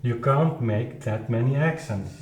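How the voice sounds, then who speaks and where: A man who is not a native English speaker, explaining his playing in an informal music lesson, halting and searching for words with many restarts. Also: mid-range voice, darkish tone, reverberant, slight background noise. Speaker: keyboard performer explaining his recording.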